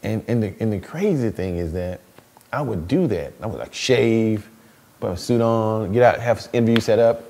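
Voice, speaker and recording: A man in his thirties, a stay-at-home dad as an interview guest, telling stories in a lively way with frequent laughs and repeated words. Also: lowish voice, moderate pace. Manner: animated storytelling, laughs often, repeats words. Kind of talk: casual interview talk.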